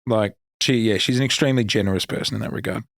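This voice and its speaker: A man, a radio co-host chatting as a guest and telling lively, sweary anecdotes. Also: lowish voice, fast talker, no room sound, clean studio sound. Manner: animated, swears freely, acts out voices in anecdotes. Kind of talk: casual storytelling chat.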